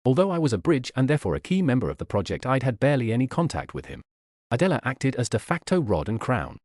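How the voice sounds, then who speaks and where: Male audiobook narrator, animated delivery, dry booth sound. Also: medium pitch, fast talker, dry recording. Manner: lively, animated reading with voiced characters. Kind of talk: scripted narration.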